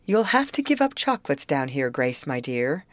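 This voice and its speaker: A woman's voice: rumbling low, big pitch swings, no echo. Woman doing an eager teasing teenage girl. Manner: bright, brisk, teasing.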